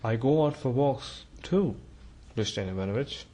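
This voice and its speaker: A timid, awkward clerk who stammers and falters over his words, as a man reads him aloud. He is a male figure in a storybook reading, with a voice of middling pitch. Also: lively intonation, moderate pace, dark tone, close to an everyday voice. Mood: halting, earnest. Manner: stammering and hesitating.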